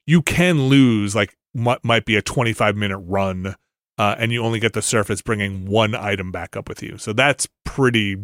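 A man's voice: fairly low pitch, normal speed, a bit bright, no room sound, studio quality. A middle-aged man co-hosting a podcast, chatting casually about video games and rambling through restarts and fillers. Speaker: podcast co-host.

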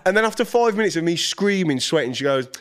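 A man telling an animated story as a podcast guest, swearing and laughing as he goes. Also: fairly high pitch, quick pace. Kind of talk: casual chat, storytelling.

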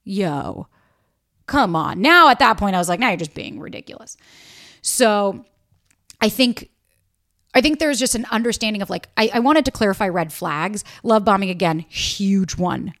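A woman's voice: mid-range voice, animated, normal speed, fairly bright tone. A young woman hosting a solo podcast, talking bluntly and animatedly with frequent swearing. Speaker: podcast host. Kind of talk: casual solo podcast talk.

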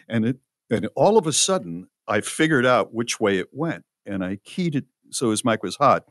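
A man's voice: fairly low pitch, animated, normal speed, no echo, clean studio sound. An older man, a podcast co-host and former radio disc jockey, telling a story in casual chat with many fillers and restarts.

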